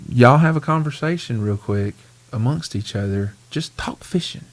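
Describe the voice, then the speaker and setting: Gravelly man hosting a podcast. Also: mid-range voice, normal speed. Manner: animated, rambling, laughs often. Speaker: podcast host. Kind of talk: casual chat.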